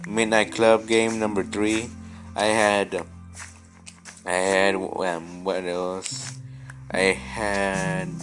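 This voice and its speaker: A man's voice: on the low side, a bit bright. A young man vlogging casually while playing a game, rambling with many restarts and stammers. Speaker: gaming vlogger.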